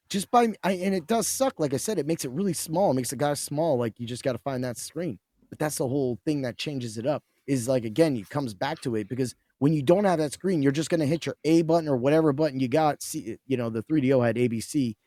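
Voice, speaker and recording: A man in casual chat as a podcast guest, excitable and rambling, with restarts. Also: a little high, fairly quick, dry recording.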